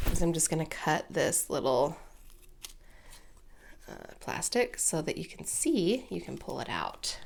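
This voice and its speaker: A woman's voice: sits low, a little mellow, slight background noise. A woman hosting a casual crafting tutorial, chatty and gushing, easily moved by what she shows. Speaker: crafting video host.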